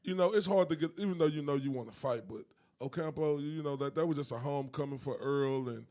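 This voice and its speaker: A man in his thirties co-hosting a podcast outdoors, animated and laughing often, with colloquial speech. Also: fairly high pitch, quick pace. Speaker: podcast co-host. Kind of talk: casual chat. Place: rooftop outdoors in downtown Dallas.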